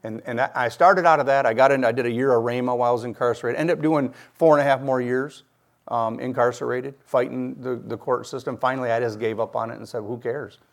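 A man's voice: mid-range voice, fairly even intonation, fast, vocal fry. A middle-aged man from Michigan giving his personal faith testimony, telling it earnestly and acting out the voices of people he quotes.

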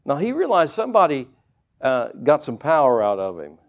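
A man preaching a sermon to a church congregation, animated and conversational, with folksy everyday asides. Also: fairly high pitch, normal speed.

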